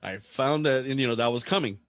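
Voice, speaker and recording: A man's voice: mid-range voice, a little fast, a bit bright, no echo, clean studio sound. A man in a casual podcast chat, ranting and telling a story with lots of swearing and animation.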